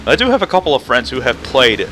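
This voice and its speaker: A man's voice: medium pitch, very animated, fast talker, sharp tone, soft background music. A young man giving casual, rambling commentary over a video game, often cutting himself off and joking. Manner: rambling, self-interrupting, jokey. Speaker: let's play commentator.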